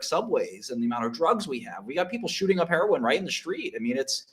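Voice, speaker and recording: A man's voice: medium pitch, animated, fast talker, hardly any pauses, a bit bright. A man in casual podcast chat, rambling with many fillers, swearing and laughing as he tells stories. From New York. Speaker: guest.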